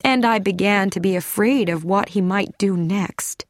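A woman reading an audiobook, voicing a gentle, humble elderly woman who speaks softly and earnestly. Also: mid-range voice, measured pace, no room sound, natural voice. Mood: earnest wistful.

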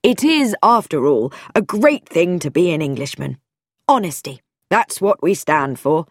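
A stern, pompous old vicar, as a woman narrator puts him on, lecturing in formal tones with a lively swing of pitch. The voice is low and dry, close to the microphone. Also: a little slow, dry recording, heavily acted. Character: pompous, stern older male vicar and father.

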